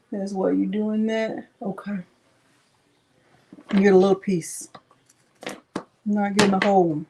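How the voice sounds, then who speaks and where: A woman's voice: medium pitch, flat delivery, a little slow, long pauses, dark tone, slightly rough, poor audio. A woman hosting a casual crafting live stream from home, chatting with viewers and her dog.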